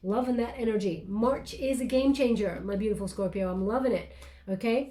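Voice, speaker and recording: A woman giving a casual, affectionate tarot card reading to her viewers, talking gently with plenty of fillers. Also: a little high, a little fast, noisy background. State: briefly tearful then composing herself.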